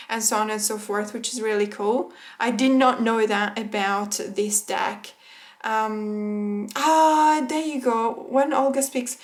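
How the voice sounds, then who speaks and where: A woman with a fairly high voice chats through a tarot deck unboxing for her viewers. She is excitable and talkative and breaks into laughter often. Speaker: tarot vlogger. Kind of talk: casual unboxing chat.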